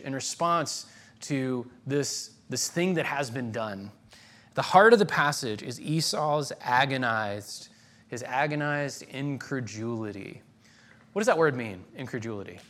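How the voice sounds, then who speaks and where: A man's voice: medium pitch, lively intonation, moderate pace, fairly bright tone. A man preaching a sermon in a conversational way, restarting phrases and reading quoted lines with dramatic force.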